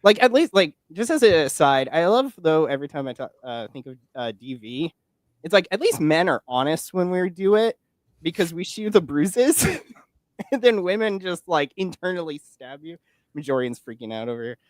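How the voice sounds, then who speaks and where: A male podcast guest and political commentator in his twenties talks casually about politics in a fairly high, expressive voice at normal speed. The recording is dry and studio-clean, and he rambles with many fillers and restarts.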